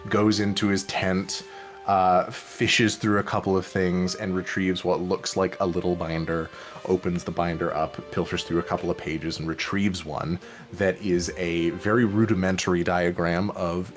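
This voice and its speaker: A man narrating a tabletop game as game master in a casual, halting way. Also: deep voice.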